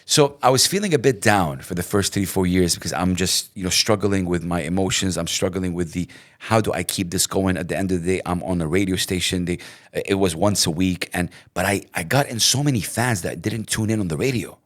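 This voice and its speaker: Animated man telling stories. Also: low-pitched, brisk. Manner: animated, repeats himself, acts out quotes. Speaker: radio host, interview guest. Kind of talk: casual interview.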